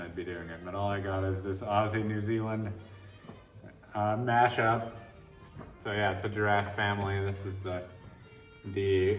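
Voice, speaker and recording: A man giving a casual walk-through of his own art show, explaining his works in a relaxed, rambling way with frequent restarts. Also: on the low side. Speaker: artist giving a gallery tour. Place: art gallery show room. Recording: echoey room from a distance with faint music.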